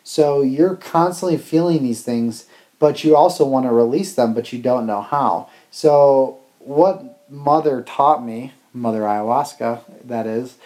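A man earnestly recounting lessons from a ceremony, in a halting, reflective conversational way. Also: mid-range voice, darkish tone. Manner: earnest, halting with fillers and restarts. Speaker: travel vlogger.

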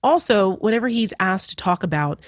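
A woman's voice: medium pitch, animated, fairly quick, no room sound, clean studio sound. A woman from New Jersey, a political commentator as the guest, talking emphatically in lists and repeated phrases in a casual interview. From New Jersey, USA. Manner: emphatic, talks in lists and repetitions.

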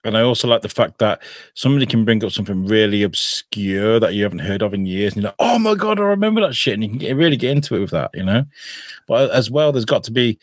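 A man's voice: lowish voice, quick pace, no room sound, studio quality. A man hosting a podcast in casual chat, chatty, swearing freely and restarting often. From England. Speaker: podcast host.

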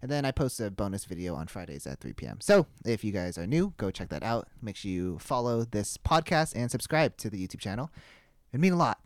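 A man's voice: fairly low pitch, sing-song, a little fast, dry recording, clean studio sound. A young man hosting a casual podcast, telling a story in loose rambling bursts and laughing often. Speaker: podcast host.

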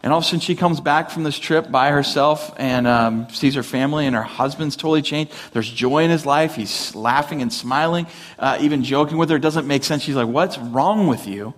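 Casual, slightly high-voiced male pastor. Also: fairly quick. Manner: casual, self-correcting, dry humor. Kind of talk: conversational sermon.

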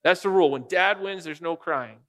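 A man's voice: high-pitched, a little fast, a bit bright. A man preaching a sermon as pastor, a father of young kids, speaking casually and jokingly and often putting questions to the congregation. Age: adult father of young children.

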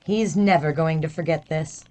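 A woman playing a brisk newspaper editor leading a meeting, businesslike. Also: deep voice, warm tone, natural voice, poor audio. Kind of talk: audio drama acting.

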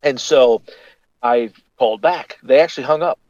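A middle-aged radio man spins a story in a loose, animated way, jumping into other people's voices as he goes. His voice sits at an ordinary pitch and is recorded close and dry. The sound is dull and lo-fi. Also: normal speed, no room sound. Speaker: radio host and voice actor. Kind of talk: casual interview storytelling.

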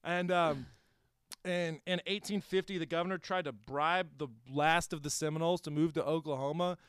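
A young man in Houston co-hosts a comedy podcast, rambling through a history story in casual comedic chat full of fillers and restarts. His fairly high voice is steady, fairly bright, clear and resonant, at normal speed. The recording is dry and studio quality.

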